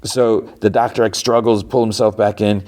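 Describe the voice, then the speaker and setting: A man with a low voice talks through an episode recap for his podcast. He rambles casually, leaning on fillers and restarting his sentences. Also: flat delivery, moderate pace, darkish tone. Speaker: podcast host.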